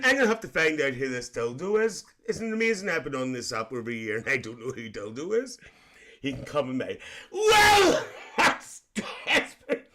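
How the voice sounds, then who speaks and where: A man's voice: on the high side, pushed and bright. A man playing a cheeky auntie figure on a comedy live stream, reading comments with risqué jokes and squealed exclamations. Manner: giggly and risqué, squealing "lovely". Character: bawdy cheeky auntie woman, gossiping and giggling.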